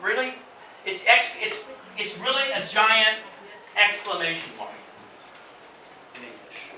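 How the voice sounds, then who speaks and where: A man's voice: sits high, sing-song, measured pace, long pauses, bright, forceful tone, a little hiss or hum. A man teaching an English lesson in a classroom, explaining intonation and acting out exaggerated example phrases. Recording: echoey classroom from a distance.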